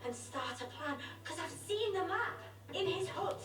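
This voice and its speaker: A brisk, eccentric time-traveller who fires off rambling explanations in a lively, swooping voice. Her voice comes from television speakers, echoing around the room and sounding distant from the mic. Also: very high-pitched, loud music behind the voice. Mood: urgent. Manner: rapid, commanding, rambling explanations. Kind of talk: TV drama acting. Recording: TV episode audio from speakers, roomy and distant.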